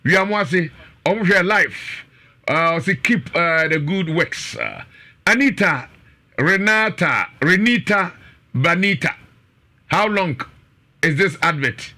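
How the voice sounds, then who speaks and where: A man hosting a live show, reading out listener greetings in a drawn-out, loud delivery. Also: sits high, very animated. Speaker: radio and TV show host.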